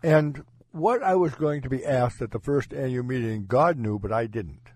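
Earnest, halting pastor, man. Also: medium pitch, darkish tone, dry recording. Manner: halting, self-correcting, earnest. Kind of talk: personal testimony in conversation.

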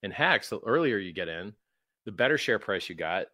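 A man's voice: fairly low pitch, big pitch swings, moderate pace, pushed and bright, dry recording, clean studio sound. A man being interviewed, talking emphatically and acting out quoted exchanges in mocking voices. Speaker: guest, crypto founder. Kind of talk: animated interview talk.

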